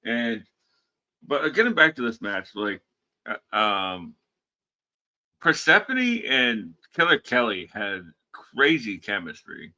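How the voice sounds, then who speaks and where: A man co-hosting a podcast in casual chat, relaxed and halting, with many fillers. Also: fairly low pitch. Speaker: podcast co-host. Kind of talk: casual post-show chat.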